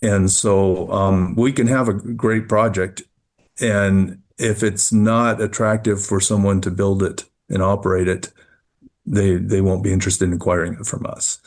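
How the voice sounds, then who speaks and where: Low, flat-voiced man explaining business. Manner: measured, repeats words while thinking. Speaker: mining company CEO. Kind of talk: business interview answers.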